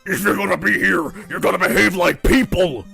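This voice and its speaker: A man voicing a strict, angry father who shouts indignant scolding at his son. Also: sits high, very fast, vocal fry, faint music behind, voice pushed up.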